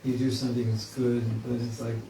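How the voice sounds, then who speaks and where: Man, spiritual teacher, casual joking class talk, dark tone, recorded from afar in a roomy hall, faint hiss. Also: medium pitch, flat delivery, a little fast, distant mic. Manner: conversational, joking, acts out inner voices. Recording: echoey room, mic from afar, faint hiss.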